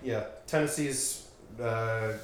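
A man's voice: mid-range voice, slow pace. A man hosting a casual podcast with a friend, rambling and correcting himself as he jokes around. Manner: rambling, self-correcting, joking. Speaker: podcast host. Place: home room with dogs nearby. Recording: echoey room with faint noise.

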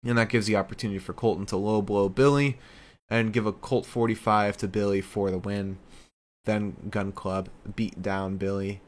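Chatty low-voiced man recapping. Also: fairly even intonation, normal speed. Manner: loose and chatty, with many fillers. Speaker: wrestling show recapper. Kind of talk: casual video recap.

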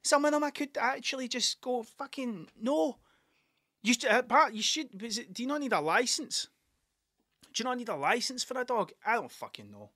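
A man's voice: extremely high pitch, sing-song, fairly quick, pushed and bright, no echo, studio quality. A man with a Scottish accent, rambling and swearing through a casual solo podcast monologue. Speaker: podcast host.

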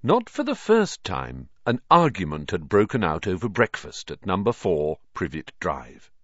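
A man reading a children's novel aloud as an audiobook narrator, with an expressive storytelling delivery. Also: sits low, a little slow, dry recording, lo-fi sound. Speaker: audiobook reader.

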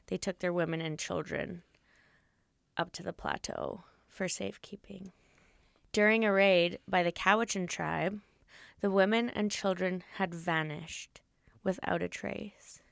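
A woman co-hosting a casual chat podcast, playful and quick to laugh. Her voice has a gravelly edge. The sound is dry and close. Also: fairly low pitch, a bit bright, dry recording. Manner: laughs often, playful, chatty. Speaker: podcast co-host.

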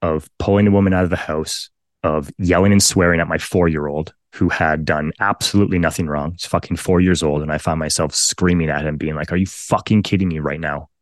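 Guest role: very low-voiced man in his thirties, frank and profane, dry studio sound. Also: fairly even intonation, brisk, no room sound. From Canada. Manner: blunt and profane, emphatic repetitions. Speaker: podcast guest, firefighter. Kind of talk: candid conversational storytelling.

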